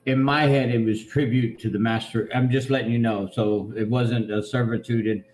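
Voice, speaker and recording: A man's voice: steady tone, fairly quick, a little hiss or hum. A man playing a tabletop game, talking casually with lots of swearing and laughter. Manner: loud, swearing, laughs often, jumps into higher voices for quotes. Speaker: player. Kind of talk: casual chat. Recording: echoey room.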